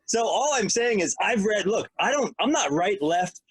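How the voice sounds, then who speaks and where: Husky animated man rambling on a podcast. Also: sits high, moderate pace, dry recording. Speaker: podcast co-host. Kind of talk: casual podcast chat.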